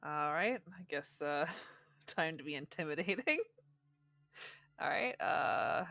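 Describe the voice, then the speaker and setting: A woman's voice: low-pitched, expressive, slow, a bit bright, no room sound. A woman playing a tabletop game, giggly and tentative. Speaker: player.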